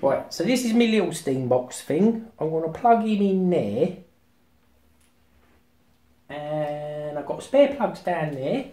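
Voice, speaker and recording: Excitable man in a roomy house. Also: on the high side, slow, pauses often, recorded from a distance. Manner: excitable, talks to himself. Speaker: tech vlogger. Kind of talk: casual vlog commentary while setting up VR. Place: house with rooms on two floors. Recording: roomy home room, voice often off-mic.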